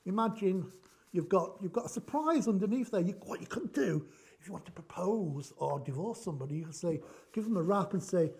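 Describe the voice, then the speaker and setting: High-voiced, jokey craft host. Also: male voice, animated, fairly quick, vocal fry, darkish tone. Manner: jokey, rambling, thinks aloud. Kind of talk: chatty craft tutorial.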